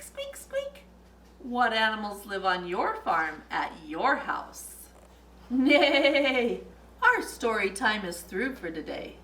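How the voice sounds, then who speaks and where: A woman leads a children's story time, singing nursery songs and making animal noises in a playful sing-song manner. Her voice is high and bright and her pace is unhurried. She sounds set back from the mic in a roomy, echoey space. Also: distant mic.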